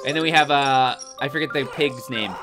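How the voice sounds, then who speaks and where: A man's voice: mid-range voice, brisk. A young man live-streaming a game from home, chatty and goofy as he thanks viewers and reacts to chat. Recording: game music behind the voice.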